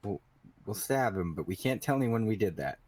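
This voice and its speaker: A man's voice: on the low side, animated, fairly quick, a little mellow, husky, no room sound. A man playing an anxious male prisoner in a tabletop game, talking in a hesitant, stammering way. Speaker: player.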